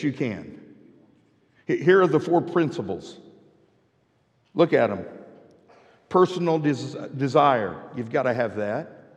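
A man's voice: on the high side, highs cut off. A man, preaching a sermon as pastor. He speaks emphatically, often stammers on his first words, and leads the congregation in repeating phrases. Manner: emphatic preaching with call-and-response repetition. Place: church sanctuary. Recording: long church reverb.

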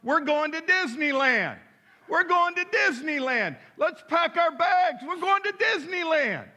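A man voicing an excited little girl in a church story. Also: extremely high pitch, a little slow, voice pushed up, exaggerated voice. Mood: gleeful.

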